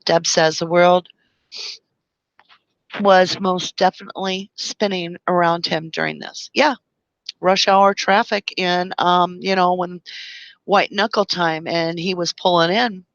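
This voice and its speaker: Impassioned low-voiced woman streamer. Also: steady tone, takes it slowly, a bit bright, dry recording, dull audio. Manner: passionate and emotional, explains with long analogies. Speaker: live-stream host reading viewer comments. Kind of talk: impassioned live-stream talk.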